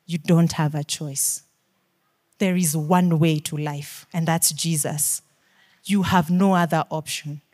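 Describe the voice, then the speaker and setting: A woman's voice: on the low side, a little mellow. A woman preacher with a Kenyan accent delivers a sermon. She pleads earnestly with her listeners and fires off question after question. She drops almost to a whisper, then leans in with emphatic force.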